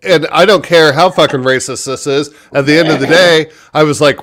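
A man and stand-up comedian, telling a profane story in casual chat and jumping into high voices for other people. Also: normal speed, a bit bright.

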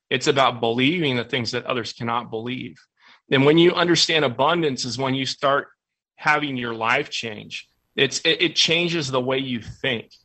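Bright-voiced male motivational host. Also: mid-range voice. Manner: emphatic storytelling with repetition. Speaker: podcast host. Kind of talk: motivational talk.

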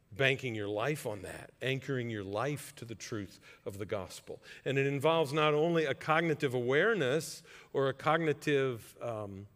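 A man's voice: a little high, big-room sound. A man preaching a sermon as pastor, earnest and conversational, building to emphatic points.

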